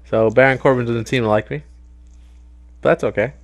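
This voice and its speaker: A young man giving casual gameplay commentary as a YouTuber, excitable, swearing and yelling at the game. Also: mid-range voice, a little fast, gravelly, pauses often. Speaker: gaming YouTuber.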